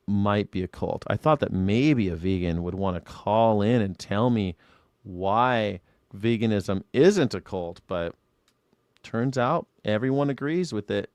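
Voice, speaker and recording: Man, livestream host, blunt, sarcastic, crisp resonant voice. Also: fairly low pitch, animated, unhurried, darkish tone, dry recording, clean studio sound. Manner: blunt, sarcastic, talks back to chat; drops into a mock-tough swagger when teased. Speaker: streamer hosting a call-in show. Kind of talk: casual livestream commentary reading chat.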